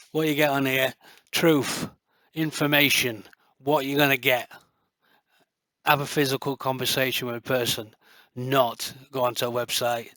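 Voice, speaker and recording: A middle-aged man talks straight to camera in a loose, rambling flow, dropping in fillers and boasting with real passion. His pitch stays fairly level and flat throughout. The sound is close and dry, with no room around it. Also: no echo. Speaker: light gun builder and video creator. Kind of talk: casual rambling talk to camera.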